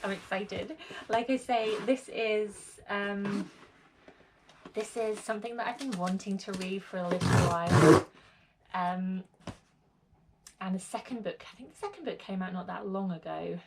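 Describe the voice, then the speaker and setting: A woman's voice: medium pitch, a little slow, background noise. A woman vlogging in a casual, rambling way, full of fillers and restarts, part of it from a small lean-to shed. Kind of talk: casual chat to camera.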